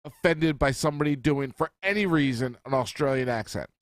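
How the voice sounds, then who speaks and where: A man's voice: medium pitch, no room sound. A man co-hosting a podcast in casual chat, arguing his points and swearing as he rants. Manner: argumentative, swearing, rapid rants. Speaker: podcast co-host.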